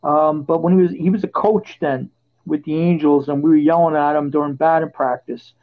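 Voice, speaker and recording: A high-voiced man hosts a podcast in a casual storytelling chat, turning animated and loud whenever he quotes his own shouting. The audio is dull and lo-fi. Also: fairly quick. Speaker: podcast host.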